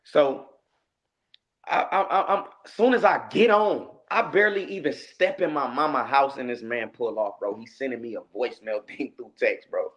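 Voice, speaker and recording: A man telling a story in a casual interview, animated and acting out the lines he quotes. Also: mid-range voice, moderate pace, muffled recording. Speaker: guest, rapper.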